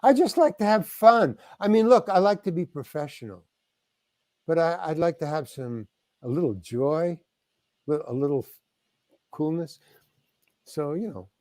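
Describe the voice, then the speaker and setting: A man's voice: a little high, animated, measured pace, pauses often, darkish tone, dry recording. An older man from New York, a guest actor telling stories in a rambling way, full of restarts and acted-out lines from other people. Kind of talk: casual interview storytelling.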